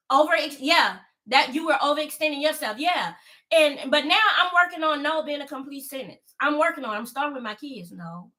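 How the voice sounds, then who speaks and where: A woman in her fifties chatting casually on a live stream, emphatic and repetitive, slowing down to stress her key points and greeting viewers mid-thought. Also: high voice, sharp tone. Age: 50s. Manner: slows down to stress key lines. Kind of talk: casual chat to a live audience.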